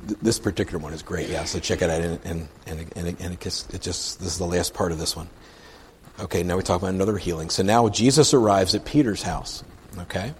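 A man's voice: low-pitched, a little fast, long reverb tail, a little hiss or hum. A man reading scripture aloud and explaining it in a casual, conversational teaching style, checking in with listeners as he goes. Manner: conversational, asks "right?" often, reads scripture aloud then comments. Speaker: preacher.

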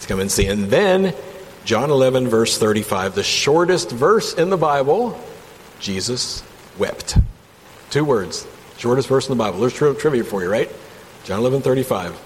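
An enthusiastic man with a fairly low voice leads a relaxed Bible study, reading aloud and then talking it through. He sounds conversational rather than preachy. A long reverb trails his words over a faint background hum. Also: moderate pace. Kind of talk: casual Bible teaching.

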